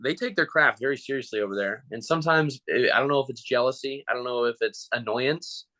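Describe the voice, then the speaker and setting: A man who performs as a mascot, telling animated, joking stories in a casual interview. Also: medium pitch, fast, poor audio.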